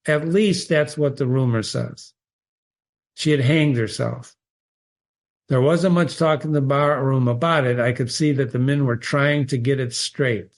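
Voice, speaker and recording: Unhurried male literature reader mixing narration with reflective commentary. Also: mid-range voice, darkish tone. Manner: musing, thoughtful asides. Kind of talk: reading aloud with literary analysis.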